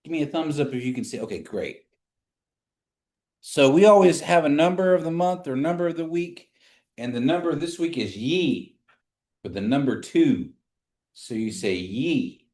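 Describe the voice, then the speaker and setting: A man teaching a language class, slowly drilling words for the class to repeat. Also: on the high side, expressive, a little mellow. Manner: patient, slow drilling of words for repetition. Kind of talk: live in-person language lesson. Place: classroom streamed online. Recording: echoey room.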